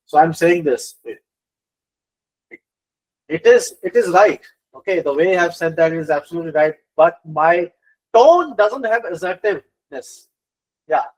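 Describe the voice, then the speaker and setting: A middle-aged man teaching business communication in a live online lecture, animated, with many fillers and repeated phrases. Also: on the high side, moderate pace, pauses often, poor audio.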